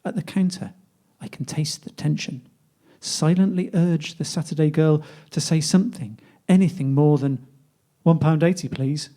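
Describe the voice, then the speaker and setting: Male reader, slightly higher voice, warm mellow tone, wry conversational reading. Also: moderate pace. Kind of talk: poetry reading.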